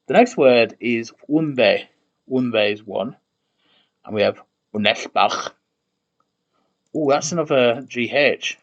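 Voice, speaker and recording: A man on a casual livestream, musing aloud and slowly sounding out invented words, often correcting himself as he goes. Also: mid-range voice. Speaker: streamer building a constructed language.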